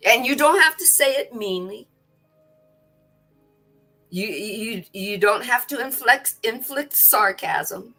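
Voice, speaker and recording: A woman's voice: on the high side, lively intonation, takes it slowly, long pauses, pushed and bright, faint music behind. A woman co-hosting a spiritual study livestream, speaking expressively, repeating words and acting out quotes as she talks. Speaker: co-host. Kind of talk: casual spiritual chat.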